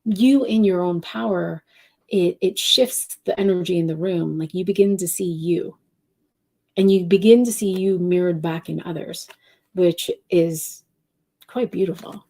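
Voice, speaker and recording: A woman giving an intuitive live-stream reading, speaking softly and directly to viewers, wandering between thoughts. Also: fairly low pitch, unhurried. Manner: reads out viewer questions. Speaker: intuitive reader and channeler.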